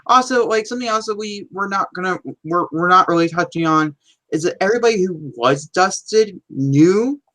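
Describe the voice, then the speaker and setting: A man's voice: high voice, normal speed, a bit bright. A man co-hosting a movie podcast, chiming in with side notes and theories in casual chat. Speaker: podcast co-host. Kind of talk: casual film review chat.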